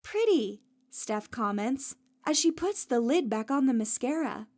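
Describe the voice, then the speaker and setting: A woman's voice: fairly high pitch, measured pace, darkish tone. A woman narrating a first-person audiobook story in a light storytelling manner.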